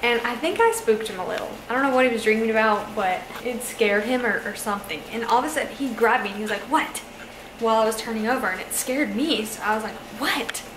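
A woman's voice: a little high, fast talker, few pauses, noisy background. A young woman chatting casually as she cooks at home, narrating each step and laughing often. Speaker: vlogger cooking at home. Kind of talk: casual chat while cooking. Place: home kitchen. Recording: echoey kitchen with music behind.

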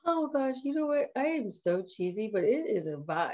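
A woman trainer hosting a casual live tutorial, chatting excitedly and laughing at herself as she works. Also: fairly high pitch, moderate pace, lo-fi sound. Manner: excitable, giggly, self-amused chatter.

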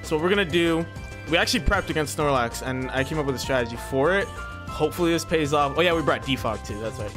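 Excitable nervous young man gaming. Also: a little high, fast talker. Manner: excitable and nervous, laughs often, stumbles over words. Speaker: Pokemon battle league competitor and channel host. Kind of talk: casual gameplay commentary. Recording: faint background music.

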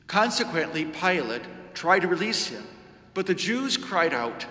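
A man serving as lector, giving a measured, solemn liturgical scripture reading in a church. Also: high-pitched, sing-song, bright, forceful tone. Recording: echoey church with long reverb.

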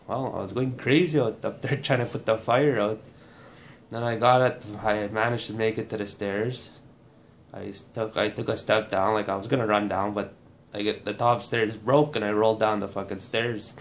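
A man from Manitoba, Canada, giving a personal testimony in a halting, restarting way, blunt and swearing at times. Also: lowish voice, a little hiss or hum. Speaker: burn survivor telling his story.

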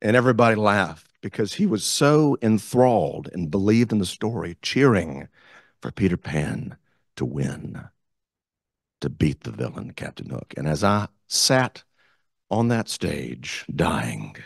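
A man tells a story to a club meeting. His voice sits low, and he jumps up and down in pitch as he acts out the quotes. The sound is close and dry. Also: very animated, measured pace, vocal fry, husky, dry recording. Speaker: club guest speaker, theater director. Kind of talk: storytelling speech. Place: meeting room.

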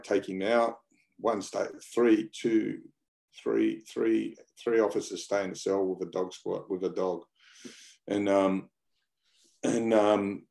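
Lowish and mellow with vocal fry, the voice belongs to an Australian man chatting casually as an interview guest. He's blunt and rambling, repeating words and using slang freely.

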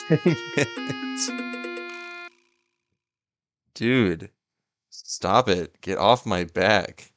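Faint music plays behind a young man whose voice is on the low side as he gives very slow gameplay commentary with long pauses. A gaming YouTuber, he talks to the game and yelps and laughs excitably at what unfolds.

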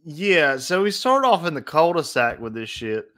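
A man's voice: on the high side, big pitch swings, normal speed, pushed and bright. A young man co-hosting a casual podcast, blunt and crude, often restarting his sentences. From North Carolina. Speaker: podcast co-host. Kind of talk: casual chat.

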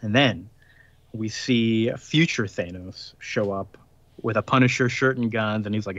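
A man co-hosting a podcast, recapping a comic plot in casual chat, rambling with fillers and quick laughs. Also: lowish voice, a bit bright, no echo, lo-fi sound.

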